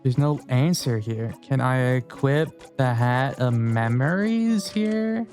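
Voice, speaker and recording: A man with a mellow, relaxed voice streams a game, thinking aloud and talking to his chat as he reads the story text. Faint music plays behind him. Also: medium pitch, slow pace. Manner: musing aloud, talks to chat. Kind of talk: game let's play with read-aloud text.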